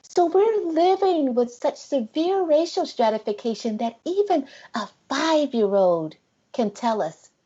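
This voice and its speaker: A woman's voice: a little high, very animated, a little slow, dark tone, breathy edge, muffled recording. A middle-aged woman researcher in a conversational interview, speaking thoughtfully with many fillers and restarts.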